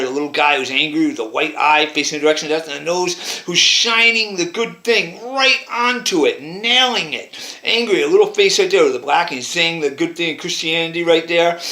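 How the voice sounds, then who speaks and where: In a pushed, bright, mid-range voice, a male vlogger rambles repetitively while interpreting images, pointing out details in the pictures as he goes. The recording has a roomy echo.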